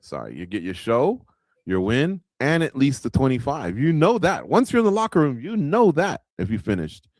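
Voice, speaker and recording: A radio show host with a mid-range, slightly mellow voice hosts a live watch-along of a fight night, very animated and at a moderate pace. He breaks down the action loosely and conversationally, addressing viewers directly and using plenty of filler words. The studio sound is clean, with no room sound.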